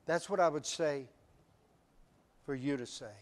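High-voiced folksy preaching man. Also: measured pace, long pauses. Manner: folksy preaching, swells to near-shouts on repeated refrains. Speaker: pastor. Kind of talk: sermon. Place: church sanctuary.

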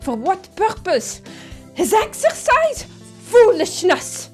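A woman's voice: extremely high pitch, wildly swooping pitch, slow pace, darkish tone, faint music behind, pitched above the performer's own voice, heavily acted. A woman voicing a haughty aristocratic male pigeon schoolboy with a clumsy put-on French accent in a game playthrough. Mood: scornful. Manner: imperious, disdainful, botched French accent. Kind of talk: fan voice acting in a game playthrough.

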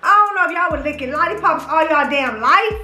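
A young woman, high and bright, gushes in a casual vlog chat, swearing freely and teasing her viewers. Her voice rings around an echoey room with faint music underneath. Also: animated, brisk. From Houston, Texas. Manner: gushing and profane, teasing the viewers. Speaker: vlogger. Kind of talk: casual chat, smash-or-pass reactions.

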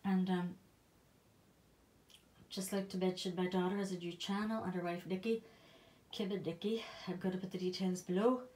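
A woman's voice: on the low side, steady tone, normal speed, long pauses. Breathless Northern Irish woman chatting. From Northern Ireland. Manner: rambling, with soft half-whispered asides. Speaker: vlogger. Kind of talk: casual chat to camera.

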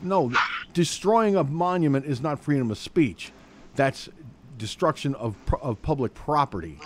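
A man's voice: mid-range voice, expressive, moderate pace, background noise. Male news commentator, reads straight then goes off on angry profane rants.

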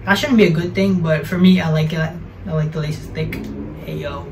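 A man's voice: on the high side, fairly even intonation, normal speed, darkish tone, recorded from a distance, slight background noise, poor audio. Chatty young man reviewing sneakers. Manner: chatty, self-correcting, slangy. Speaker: sneaker vlogger.

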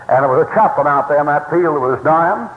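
A man's voice: a little high, animated, fast. A man preaching a sermon in a folksy, emphatic storytelling way, recorded in a large church hall. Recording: tinny, echoey hall recording from the 1960s.

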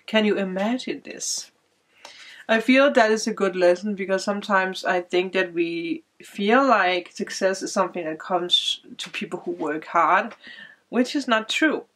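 A woman's voice: mid-range voice, normal speed, a bit bright. A woman giving a casual, emotional tarot card reading, tearful at times, with frequent fillers.

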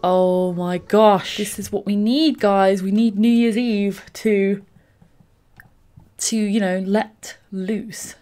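A young woman, a let's play host, giving gushing, excitable gameplay commentary full of exclamations. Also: mid-range voice, takes it slowly, clean tone, soft background music.

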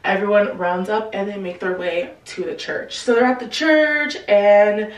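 A woman's voice: mid-range voice, measured pace. Chatty 20-something girl recapping a book, slangy, roomy echo, a bit far from the mic. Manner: chatty, slangy, animated retelling. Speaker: book channel host. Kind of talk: casual book summary storytelling.

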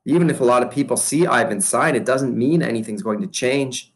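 A man's voice: medium pitch, fairly quick, close to an everyday voice. A man reading aloud voices a skeptical, tired middle-aged father who speaks in a dry, doubtful way.

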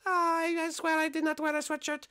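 A woman's voice: sits high, flat delivery, normal speed, pushed and bright. A woman voicing a nervous young female army guard who protests in a flustered, silly way.

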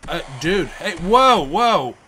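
A man voicing a cocky male boxer who taunts brashly and rapidly. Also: sits high, sing-song, bright, forceful tone, a little hiss or hum, full character voice. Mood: taunting.

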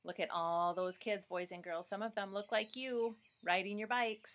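A woman's voice: mid-range voice, steady tone, moderate pace. A woman reading a picture book aloud to children, encouraging them and asking them questions. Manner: warm, encouraging, asks the listener questions.

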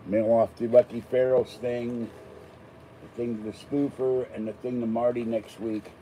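At medium pitch, with a level, warm tone and normal speed, an older man from Pittsburgh chats casually while unboxing something. He wanders between topics with self-deprecating asides; the audio is poor, with a little hiss or hum.

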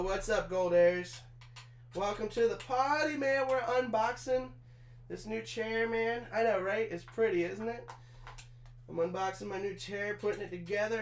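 A young man in his twenties, hot and sweaty, chats loosely with his viewers and swears now and then while he puts together a chair. His voice sits high for a man. The small room rings with echo, and a faint hum runs underneath. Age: 20s. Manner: chatty, talks to chat while assembling a chair, swears casually. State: sweaty and overheated from work. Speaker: streamer. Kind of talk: casual live-stream chat.

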